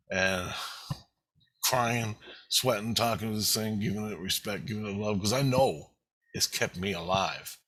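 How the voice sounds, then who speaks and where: Low-pitched and a bit bright with a breathy edge, this fifties-aged man's voice comes through poor audio. He's a vlogger recounting a spiritual experience in a rambling first-person way, swearing heavily, intense and emotional.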